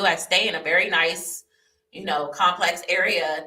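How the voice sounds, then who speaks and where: Animated young woman, echoey room. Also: lowish voice, a little slow. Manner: animated, repetitive, laughing as she recounts. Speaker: vlogger sharing a personal testimony. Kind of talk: candid storytelling to camera. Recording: roomy echo, voice a bit far from the mic.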